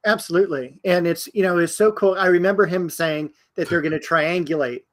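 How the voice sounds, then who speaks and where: Reflective male guest, fairly high voice. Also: fairly even intonation, brisk. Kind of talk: casual chat.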